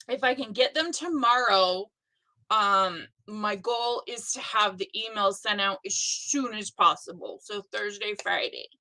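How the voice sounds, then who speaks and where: Slow, bright-voiced chatty woman. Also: medium pitch, poor audio. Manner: chatty, rambling, self-deprecating. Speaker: host of a live stitching stream. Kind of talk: casual live chat.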